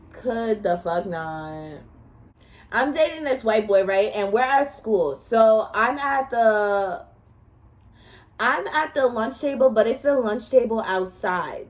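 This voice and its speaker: A young woman recounts a story straight to her audience, loose and unfiltered, swearing freely. She keeps the telling animated and breaks into laughter along the way. Her pitch sits in an ordinary middle range for a woman. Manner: frank and profane, addresses viewers directly. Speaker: vlogger telling a personal story. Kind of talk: casual storytime monologue.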